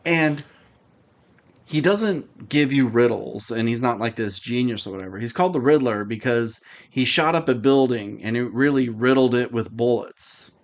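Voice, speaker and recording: A man's voice: medium pitch, normal speed. Rambling sarcastic male podcast host. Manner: rambling, sarcastic, lots of fillers. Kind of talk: casual chat review.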